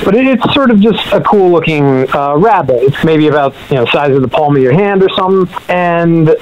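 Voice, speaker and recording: A man's voice: a little high, expressive, a little fast, lo-fi sound. A man calling in to a radio talk show, telling his story in a hesitant, rambling way with lots of fillers. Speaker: caller. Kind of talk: call-in radio chat.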